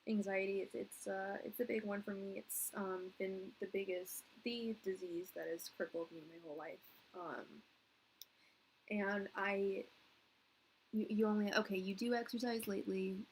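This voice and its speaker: A woman's voice: medium pitch, steady tone, normal speed, rough recording. This is a woman in her thirties doing a live tarot reading in a rambling, earnest way. She restarts her sentences and fills them with "like" while she talks to viewers. A faint background noise sits under her voice. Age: 30s. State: tearing up. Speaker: tarot reader.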